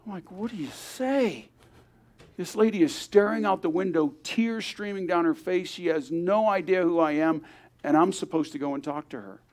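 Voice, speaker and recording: A man's voice: high-pitched, a little fast. An older man, a grandfather, telling an earnest story at a church service, acting out the voices of the people he quotes. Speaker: guest speaker.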